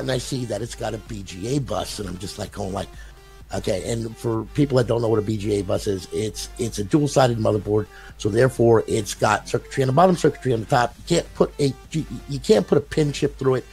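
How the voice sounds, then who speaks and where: A man's voice: mid-range voice, a little fast, creaky, darkish tone, soft background music. An older man, a console modder, telling a long story in a casual, rambling way, often repeating his words and swearing.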